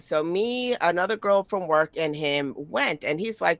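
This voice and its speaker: A woman in her forties, the podcast host, telling casual stories in an animated, profane way with stumbling repetitions. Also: fairly low pitch, moderate pace, hardly any pauses, no room sound. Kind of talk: casual storytelling chat.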